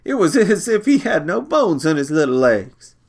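A man reading a short story aloud, measured and unhurried. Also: fairly high pitch, sing-song.

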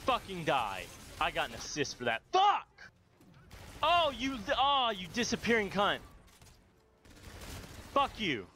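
A man commentating his own shooter gameplay, swearing and yelling outbursts at opponents. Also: high voice, wildly swooping pitch, a little slow, long pauses, slight background noise. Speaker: gaming video host.

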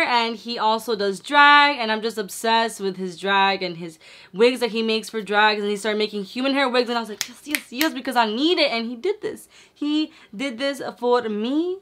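A young woman talking excitedly at home in a casual makeup vlog, now and then slipping into Spanish. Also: a little high. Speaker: beauty vlogger. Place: her home.

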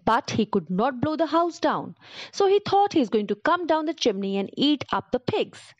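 A woman narrating a children's story in an animated, expressive storytelling way. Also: high voice, moderate pace, dry recording. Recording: dull lo-fi recording.

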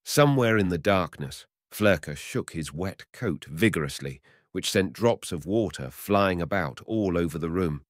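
A man reading a classic short story aloud with expressive storytelling. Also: low voice, a little slow, hardly any pauses, dry recording, clean studio sound. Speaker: narrator.

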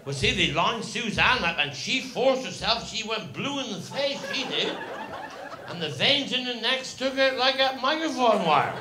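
In a noisy, echoey live room with a laughing crowd behind him, a Cornish comedian in his 70s from Cornwall, England, rambles through a long comic tale. His voice sits high and is expressive at normal speed, and he repeats his phrases in broad dialect.

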